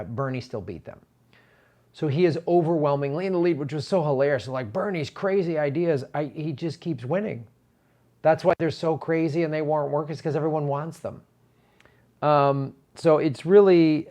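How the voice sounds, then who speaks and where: A male comedian in casual commentary, swearing freely and stumbling through restarts as he rants. His voice sits at an ordinary mid pitch. He sounds fed up and unscripted throughout. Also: a little mellow. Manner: profane, exasperated, stammering restarts.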